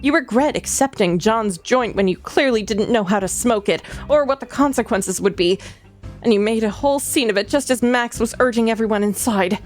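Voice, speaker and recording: Woman streamer, fairly high voice, reads game text aloud over faint music. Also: moderate pace. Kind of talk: reading a narrative game aloud on a live stream.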